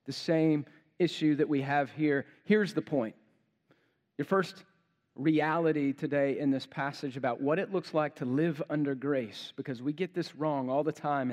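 A male pastor preaching a sermon, emphatic, building to forceful rhetorical questions. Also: fairly high pitch. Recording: long hall reverb.

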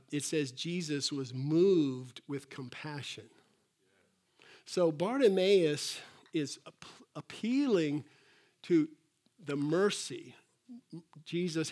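A man preaching with an animated delivery and a slightly high-pitched voice. He acts out quotes in a raised voice, then drops to soft, quiet asides. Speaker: pastor. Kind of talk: sermon.

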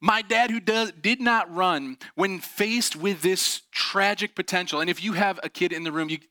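A man giving a motivational talk, telling personal stories in an animated, earnest way and laughing often. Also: high voice, normal speed, dry recording, clean studio sound. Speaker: speaker.

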